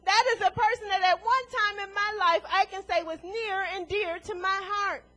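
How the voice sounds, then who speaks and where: A woman's voice: very high voice, steady tone, normal speed, bright, forceful tone. A woman preaching a sermon to a congregation in a church, emphatic and full of rhetorical questions, chuckling between points.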